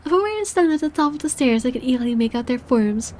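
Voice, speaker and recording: A woman's voice: high-pitched, lively intonation, fast talker, a little mellow, slight background noise. A woman reading a visual novel aloud as an irritable wealthy man with guards, in dry, sardonic first-person narration. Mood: uneasy.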